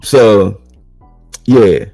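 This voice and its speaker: Slow, rambling man recapping casually. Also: on the low side, vocal fry, dark tone, dry recording, soft background music, poor audio. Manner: rambling, repeats and restarts phrases. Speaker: podcast co-host recapping wrestling.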